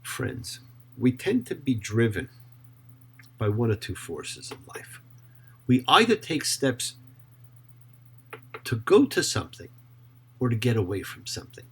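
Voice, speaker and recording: A man who is a rabbi, teaching Torah in an emphatic, expressive way and often asking rhetorical questions. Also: mid-range voice, unhurried, pauses often, slight background noise.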